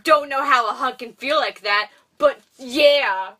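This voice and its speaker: A young woman with a high, bright, forceful voice speaks unhurriedly while co-hosting a podcast. She rambles and giggles through a casual film recap, acting out the characters' lines. She's recorded far from the microphone.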